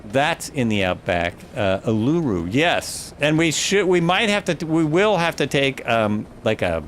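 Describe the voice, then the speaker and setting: A man's voice: mid-range voice, very animated, a little slow, a bit bright, slight background noise. A man streaming a flight simulator, chatting casually and thinking aloud, often stopping to correct himself. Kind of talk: casual live gameplay commentary.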